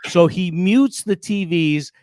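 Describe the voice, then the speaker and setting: A man co-hosting a comedy podcast tells an animated anecdote and quotes the people in it. His voice sits a little high. The recording is close and dry. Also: slow, no echo. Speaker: podcast co-host. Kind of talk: casual storytelling chat.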